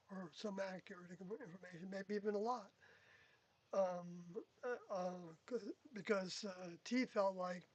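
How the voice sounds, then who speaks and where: A speaker in an unscripted reflective monologue, talking haltingly with many pauses and self-corrections as they look back on their time in a group. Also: mid-range voice, rough recording. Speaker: former group member recounting experiences.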